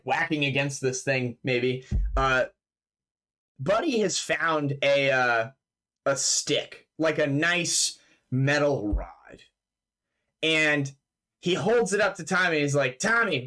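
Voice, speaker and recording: A man's voice: fairly high pitch, a bit bright. A man running a tabletop game as game master, narrating in a loose, casual way, laughing, swearing freely and filling his talk with "like" over an online voice chat mic.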